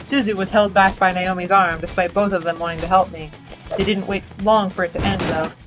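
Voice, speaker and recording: A woman's voice: on the low side, steady tone, a little fast, music in the background, poor audio. A woman reading a visual novel aloud as host, casual and swearing freely in her asides. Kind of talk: reading game narration aloud with joking asides.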